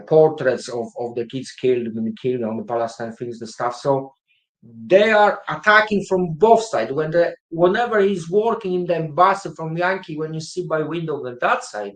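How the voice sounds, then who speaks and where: Male guest, mid pitch, halting delivery with many fillers, roomy echo. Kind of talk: casual livestream chat.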